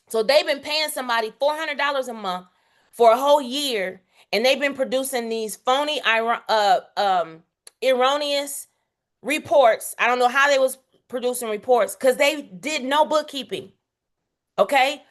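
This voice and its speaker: A woman's voice: fairly high pitch, fairly bright tone. Emphatic woman teaching a workshop. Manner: emphatic, repeats "okay?" to check in; casual, direct, uses slang. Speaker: bookkeeping instructor.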